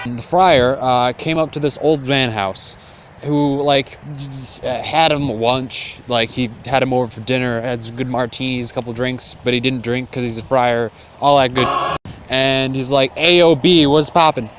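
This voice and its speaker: A man's voice: medium pitch, fairly even intonation, moderate pace, a little hiss or hum. A young man retelling a classic tale as comedy, rambling and slangy with lots of fillers. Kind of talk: comic casual retelling.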